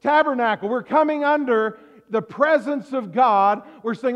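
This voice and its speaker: A man preaching a sermon as pastor, swinging from hushed tones to shouts and calling for amens. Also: very high voice, a little slow. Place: church hall. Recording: echoey hall, dull lo-fi sound.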